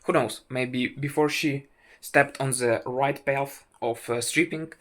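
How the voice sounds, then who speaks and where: Slow, halting young man. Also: medium pitch, fairly even intonation, a bit bright. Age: 20s. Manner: halting, full of "uh" fillers and restarts; wry, self-mocking. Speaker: vlogger. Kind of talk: casual storytelling to camera.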